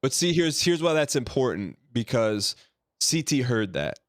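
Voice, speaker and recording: A man's voice: medium pitch, very animated, measured pace, no room sound, studio quality. A man hosting a podcast, asking the guest rambling, probing questions with many fillers. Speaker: podcast host. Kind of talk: casual interview.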